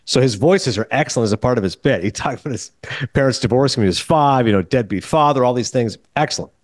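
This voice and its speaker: A middle-aged man hosting a podcast, telling a rambling, animated story and acting out the dialogue in a casual chat. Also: medium pitch, fast, no echo. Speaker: podcast host.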